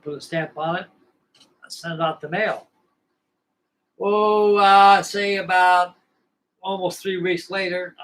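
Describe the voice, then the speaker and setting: An older man from California with a slightly high-pitched voice hosts a model-building show. He tells long, meandering stories in a casual, salty way, swearing easily as he goes. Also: a bit bright, rough recording. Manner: folksy, salty, digressive. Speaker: model-building channel host. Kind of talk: rambling casual storytelling.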